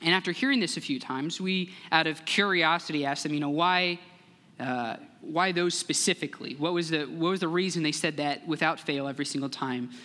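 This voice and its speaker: A man's voice: fairly high pitch, pushed and bright. Earnest young man preaching in a hall. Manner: earnest, measured, acts out quoted voices in the story. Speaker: guest speaker, church relations director. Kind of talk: sermon with storytelling. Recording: long hall reverb.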